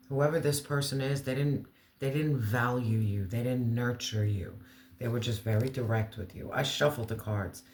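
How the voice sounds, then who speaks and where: A man delivers a spiritual tarot reading in an earnest, emotional way, leaning on words slowly for emphasis. His voice sits at an ordinary middle pitch. The recording carries a roomy echo and a faint hiss. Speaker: tarot reader.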